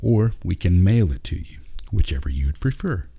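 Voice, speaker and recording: A man's voice: low voice, very animated, normal speed, vocal fry, dark tone, husky, full character voice. A man voicing a polite, patient woman librarian who speaks helpfully.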